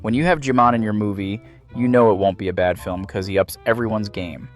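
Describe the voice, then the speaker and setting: A man narrating a scripted video essay about film, measured and analytical. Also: lowish voice, steady tone, faint music behind.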